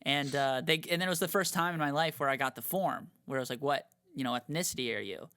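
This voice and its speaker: A man's voice: mid-range voice, fast, bright, forceful tone, smooth, dry recording, clean studio sound. A man co-hosting a comedy podcast, telling stories in casual chat with lots of fillers. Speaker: podcast co-host.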